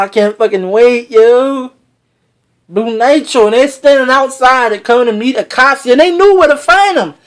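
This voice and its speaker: Excitable, profane manga recapper. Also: mid-range voice. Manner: excitable, slangy and heavily profane; rambling with many fillers and restarts. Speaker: anime and manga reviewer. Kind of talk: casual recap of a manga chapter.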